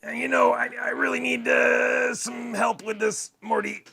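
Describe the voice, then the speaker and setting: High raspy old cartoon grandpa, stammery and shouty. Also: male voice, flat delivery, measured pace, a crowd in the background, exaggerated voice. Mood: needy. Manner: stammering, calling out to his grandson. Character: rambling raspy old mad-scientist grandpa. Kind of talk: cartoon voice impression.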